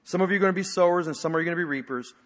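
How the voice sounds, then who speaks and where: A pastor preaching a sermon in a church, telling stories in a conversational way with fillers and sometimes dropping to a hushed voice. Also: male voice, sits high, racing. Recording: long reverb of a large hall.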